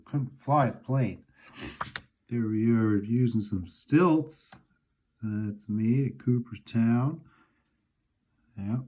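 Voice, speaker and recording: A man in his forties calmly reminiscing to himself as he looks through old family photos. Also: on the low side, breathy edge, highs cut off. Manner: unhurried, musing, talks half to himself. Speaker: vlogger looking through childhood photos. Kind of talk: casual reminiscing monologue.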